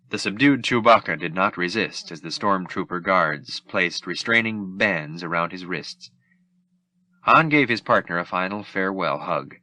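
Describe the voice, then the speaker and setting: A male audiobook narrator reads in a steady, measured way. His lowish voice has a bright, forceful tone, and the close recording is dry, with no room sound. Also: no echo. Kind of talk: scripted narration.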